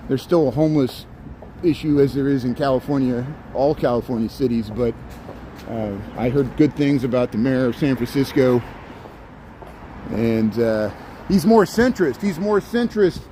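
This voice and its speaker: A man's voice: mid-range voice, normal speed, mellow. A man hosting a rambling livestream walk down a city street, chatting with viewers as he goes. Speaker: livestream walking tour host. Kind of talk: casual livestream chat while walking. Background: faint street and traffic noise.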